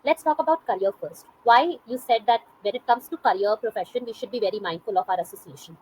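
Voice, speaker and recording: A woman with a high voice leads the conversation at a brisk pace. She asks questions and affirms her guest often. Faint noise sits under her voice. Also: rough recording. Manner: encouraging, frequent affirmations. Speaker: interviewer, English teacher. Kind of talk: casual conversation practice.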